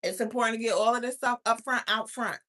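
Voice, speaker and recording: A woman's voice: fairly high pitch, fairly even intonation, fast talker, bright, forceful tone. A woman in her thirties hosting a livestream, ranting bluntly and profanely as she answers viewer comments. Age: 30s. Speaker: livestream host. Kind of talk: casual livestream chat reading viewer comments.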